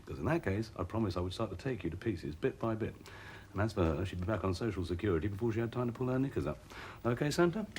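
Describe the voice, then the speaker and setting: A man plays a jealous husband who speaks in a quick, deep, clipped voice. His threats come out quietly menacing, with lively rises and falls and a faint hiss underneath. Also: lightly acted. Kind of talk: television drama acting.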